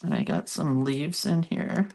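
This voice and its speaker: A woman's voice: low voice, very animated, measured pace, vocal fry, warm tone. A congested, sniffly woman hosting a casual crafting demo, chatting and laughing at herself while she works. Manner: chatty, self-deprecating, talks while working. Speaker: craft video host.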